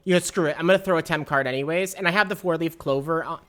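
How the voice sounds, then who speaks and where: A woman streaming a game live, chatting to her viewers and breaking into excited squeals and laughter. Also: deep voice, fast talker, faint music behind. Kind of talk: live gameplay stream chat.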